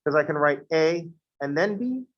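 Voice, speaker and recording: A man's voice: on the high side, expressive, normal speed, highs cut off. Man giving a jokey, rambling math lecture. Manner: joking, digressive asides. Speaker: math instructor. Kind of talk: casual classroom lecture.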